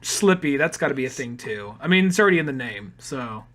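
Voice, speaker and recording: A man's voice: medium pitch, expressive, fairly quick, fairly bright tone. Rambling man on a casual podcast. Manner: rambling, full of "like" and restarts, swears casually. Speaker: podcast co-host.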